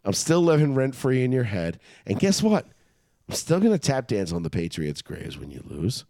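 Animated, cursing male podcast host. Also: mid-range voice, moderate pace, creaky, no room sound, clean studio sound. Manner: animated, profane, heated ribbing. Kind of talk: casual sports chat.

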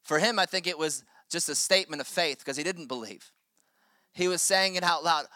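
A man's voice: fairly high pitch, moderate pace, pushed and bright, no echo, studio quality. A man preaching a sermon as pastor, with impassioned delivery that swells and drops for emphasis.

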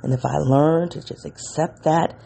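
Gravelly, husky podcast host musing aloud. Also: mid-range voice, fairly even intonation, mellow. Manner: halting, searching, self-correcting. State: emotional. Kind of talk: reflective solo monologue.

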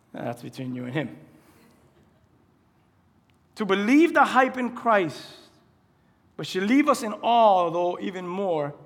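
High-voiced male pastor in a reverberant hall. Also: a bit bright. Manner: conversational preaching with rhetorical questions. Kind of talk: sermon. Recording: long reverb of a large hall.

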